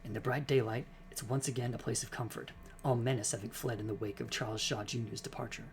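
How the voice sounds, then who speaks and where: A man streaming a narrative game, reading its text aloud in a relaxed, amused way. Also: medium pitch, quick pace, faint music behind.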